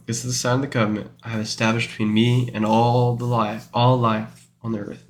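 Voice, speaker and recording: A man reading scripture aloud and explaining it in an informal, rambling way, full of fillers and self-corrections. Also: medium pitch. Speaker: Bible study teacher. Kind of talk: informal Bible study reading and commentary.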